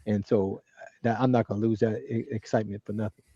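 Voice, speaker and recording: An earnest man co-hosting a relaxed chat, stumbling over repeated words as he makes his point. His voice sits dark and mellow. The sound is dull and lo-fi, close and dry. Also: lowish voice, fast talker, slightly rough, no echo. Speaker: co-host. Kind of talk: casual podcast chat.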